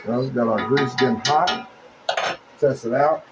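A man's voice: medium pitch, normal speed, very noisy. Chatty man showing how he cooks. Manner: chatty, addresses viewers as you guys. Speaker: home cook. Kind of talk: casual cooking demonstration.

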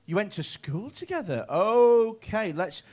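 Lively, sweary stand-up comic in his thirties. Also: sits high, measured pace. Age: 30s. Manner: chatty, sweary, stammering restarts. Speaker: stand-up comedian doing crowd work. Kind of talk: stand-up crowd work. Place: comedy club stage.

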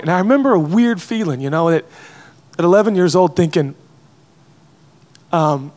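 With an animated, somewhat high, darkish voice, this American preacher in his thirties speaks at normal speed but pauses often. Addressing pastors in a conference hall, he earnestly and emotionally recounts something from his own life.

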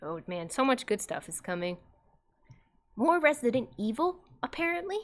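A woman's voice: a little high, very animated, normal speed. A young woman streaming a horror game, giggling and easily spooked as she comments on her play.

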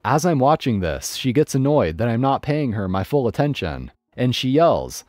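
A man's voice: medium pitch, sing-song, normal speed, few pauses, a little mellow, dry recording, studio quality, soft background music. A man narrating online stories in a scripted, storytelling read.

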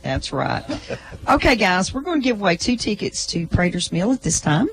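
A man with a notably high voice co-hosts a local radio show. He talks in an easygoing, casual way from the studio. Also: very animated, moderate pace, gravelly, background noise. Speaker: radio co-host.

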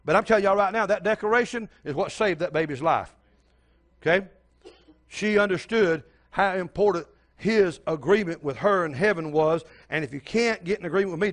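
An older man preaching a sermon as pastor, telling a story and speaking straight to the congregation. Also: high voice.

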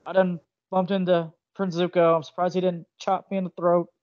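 A man co-hosting a casual podcast interview, with a high voice and an animated, slangy way of telling stories. The sound is dull and lo-fi. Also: a little fast, dry recording. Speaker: podcast co-host.

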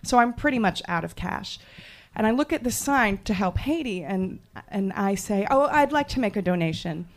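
A woman from the Jersey Shore telling a personal story live on stage, animated and self-mocking, laughing as she goes. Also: medium pitch, moderate pace, a little hiss or hum. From Jersey Shore, USA.

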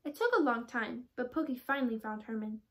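A teenage girl reading a children's storybook aloud, with clear, expressive storytelling. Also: a little high, a little fast. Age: teens. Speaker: storybook reader.

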